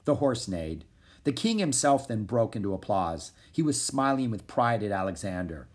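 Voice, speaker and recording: A man reading a children's chapter book aloud in an expressive storytelling manner. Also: fairly low pitch, moderate pace. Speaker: narrator.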